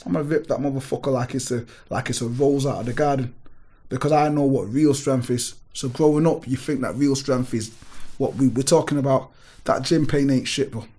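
A man, a gym owner telling stories in an animated, emphatic way full of street on a casual podcast. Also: medium pitch, brisk. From Britain. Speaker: gym owner and powerlifting guest.

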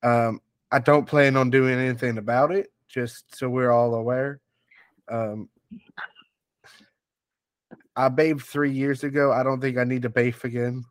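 A man's voice: mid-range voice, steady tone, unhurried, pauses often, dry recording, studio quality. A man player speaking in character in a bumbling, hesitant comic way. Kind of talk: in-character role-play.

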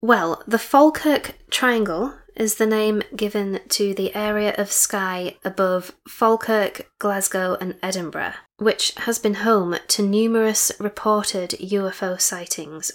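A woman's voice: medium pitch, steady tone, slow, hardly any pauses. A woman co-hosting a podcast, retelling a case in a chatty, teasing way. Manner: chatty, teasing, recommends and asks questions. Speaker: podcast co-host. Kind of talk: casual chat, retelling a case.

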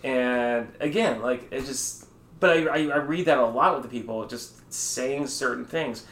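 A man's voice: medium pitch, unhurried, fairly bright tone, roomy sound. A man chatting on a podcast about surviving cancer, talking bluntly, swearing freely and laughing at his own rants. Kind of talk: casual podcast chat.

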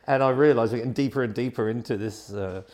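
A man, a guest telling lively anecdotes and acting out the voices in them. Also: mid-range voice, fast talker. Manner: animated, acts out voices in his stories. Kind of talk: anecdotal storytelling.

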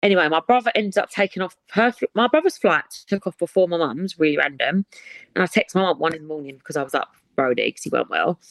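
Chatty woman, lowish dry voice. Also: gravelly, fairly bright tone, no echo. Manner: chatty, giggly, dramatic reactions. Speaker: podcast host. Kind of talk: casual chat.

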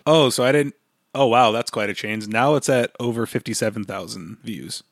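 An excitable man rambles through a loose podcast chat and drops sarcastic asides. His voice sits in an ordinary middle register. It is recorded close and dry, with no room sound. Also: mid-range voice, moderate pace, creaky, dry recording. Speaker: podcast co-host. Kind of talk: casual chat.

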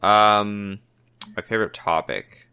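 Bright, joking male podcast co-host. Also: lowish voice, slow pace, clean tone. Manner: jokey, interrupts with quips and laughs. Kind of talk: casual podcast banter.

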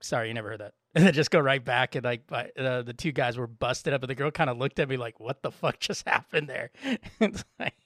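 A man on a podcast in casual chat, laughing often and reacting in a lively way. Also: mid-range voice, brisk, few pauses, no echo. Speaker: podcast co-host.

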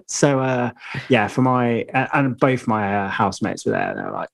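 A man's voice: medium pitch, huge pitch swings, normal speed, creaky. A man, co-hosting a casual football podcast and rambling through stories with laughter. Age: 30s. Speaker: podcast co-host.

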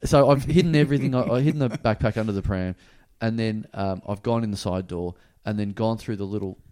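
A man who is a podcast co-host and a father, telling a casual comic story with lively, swearing delivery. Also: fairly low pitch, brisk. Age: adult, father of a young child. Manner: animated, swears freely, acts out the people in his story.

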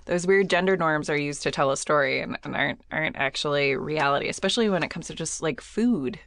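A woman's voice: low-pitched, quick pace, a bit bright, no echo, clean studio sound. A young woman chatting casually as a podcast co-host, rambling with lots of "like", restarts and frequent laughter. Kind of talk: casual chat.

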